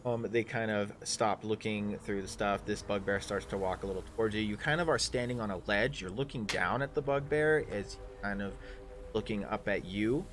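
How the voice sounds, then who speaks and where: A man narrating as game master in a live tabletop game, loose and halting with lots of fillers. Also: on the low side, fairly bright tone, slight background noise.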